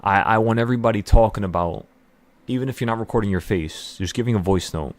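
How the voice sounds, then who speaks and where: A low-pitched man pours out an emotional motivational monologue, rambling and stumbling over his words as his excitement spills over. The recording is dry and close, with no room sound. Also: fast talker, dry recording. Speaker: trading channel host.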